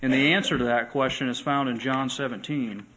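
A male pastor preaching a sermon to his church, earnest, slowing and swelling when he reads scripture aloud. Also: mid-range voice, fairly even intonation, noisy background. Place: church sanctuary.

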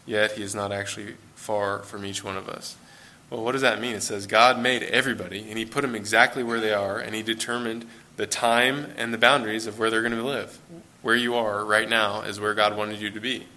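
Bright-voiced American preacher, low pitch. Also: male voice, level tone, brisk, few pauses. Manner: conversational, with fillers and self-corrections. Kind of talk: sermon. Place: church.

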